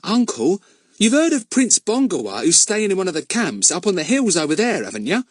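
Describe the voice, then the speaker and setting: A man voicing high, anxious boy Ern. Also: very animated, normal speed, no room sound, clean studio sound. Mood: eager pleading. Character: boy Ern, anxious, earnest, eager to please.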